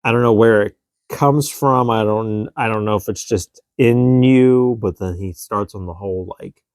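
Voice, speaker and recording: A man's voice: lowish voice, normal speed, a little mellow, clean tone, dry recording, studio quality. A man in his thirties co-hosting a podcast, venting in casual chat about parenting and acting out his child's lines. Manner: exasperated, venting, acts out quotes of his child. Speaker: podcast co-host.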